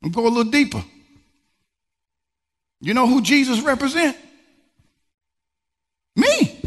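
A male pastor preaching a sermon in a style, swinging from low murmurs to high exclamations. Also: lively intonation, normal speed. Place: church sanctuary. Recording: long reverb from a large church hall.

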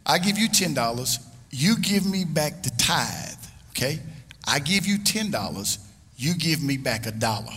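Male preacher, lively swooping delivery, shouts and low asides, teasing the congregation, in a long-reverb sanctuary. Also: measured pace, breathy edge. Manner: humorous, call-and-response with the congregation. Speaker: pastor. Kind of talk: preaching a sermon. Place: church sanctuary. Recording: reverberant hall with congregation and noise.

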